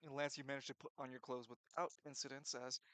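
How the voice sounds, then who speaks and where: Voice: mid-range voice, flat delivery, quick pace, a bit bright, no room sound. A game master narrating a tabletop role-playing game in a blunt, casual way, swearing freely.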